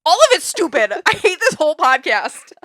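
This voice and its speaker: A woman's voice: very high voice, very animated, moderate pace, heavy background noise. A woman co-hosting a podcast, angry and ranting in casual chat, swearing and laughing, on a close microphone. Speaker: podcast co-host.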